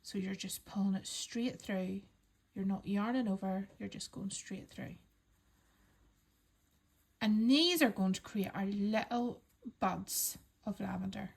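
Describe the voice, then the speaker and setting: A woman calmly talking learners through a crochet pattern step by step, counting stitches aloud and reassuring them. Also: medium pitch, takes it slowly, vocal fry, slightly rough. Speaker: crochet instructor. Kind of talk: step-by-step craft tutorial.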